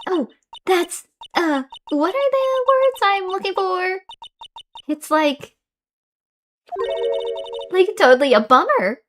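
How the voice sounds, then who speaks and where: A woman's voice: very high voice, expressive, takes it slowly, long pauses, faint music behind, voice pushed up, heavily acted. A woman voicing a ditzy valley-girl college student who talks airily and spacily. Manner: airy, spacey, 'like'-heavy.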